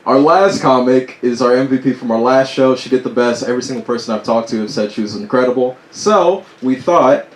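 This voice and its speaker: A man's voice: mid-range voice, brisk, hardly any pauses. A man hosting a live comedy show in a small club, introducing comics with loose, joking patter. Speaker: show host. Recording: roomy club with background noise.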